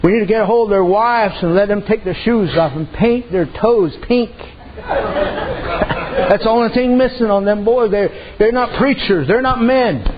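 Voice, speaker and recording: With a crowd audible behind him, a high-pitched man delivers a sermon at normal speed. It's folksy and story-driven, full of dialect and frequent "amen" and "I said" interjections, captured on dull, lo-fi audio.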